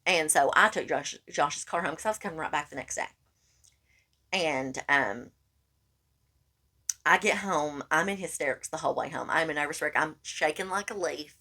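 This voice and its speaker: Woman podcaster, lower register, animated casual storyteller who keeps saying "honey.". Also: moderate pace. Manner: animated, acts out quoted lines, calls listener honey. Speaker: podcast co-host.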